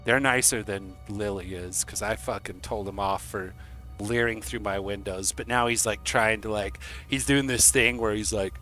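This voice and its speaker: A young man streaming to his chat, telling a rambling, profane story in a casual, animated way. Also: lowish voice, normal speed, faint music behind.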